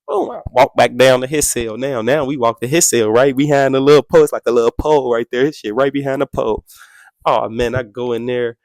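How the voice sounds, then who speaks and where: A young man, a podcast guest, telling a story in an animated way, acting out quotes in a much higher voice and adding sound effects. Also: fairly quick, no room sound, clean studio sound.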